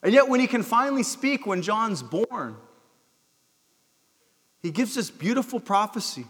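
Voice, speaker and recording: A male pastor gives an earnest, animated sermon in a church sanctuary at a slightly slow pace, his fairly high, slightly rough voice rising to emphatic calls and then sinking low and soft. Each phrase fades into a long hall reverb.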